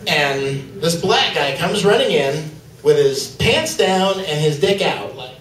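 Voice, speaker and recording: A man's voice: fairly high pitch, expressive, slow, noisy background. A man doing a stand-up set, loose and rambling with lots of fillers. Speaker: stand-up comedian. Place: comedy club stage. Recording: echoey club from far off.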